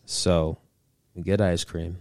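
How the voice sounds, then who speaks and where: A man's voice: low voice, level tone, slow, creaky, a little mellow, no echo, clean studio sound. A man as a podcast guest, telling dating stories in casual chat, laid-back and slangy, laughing often.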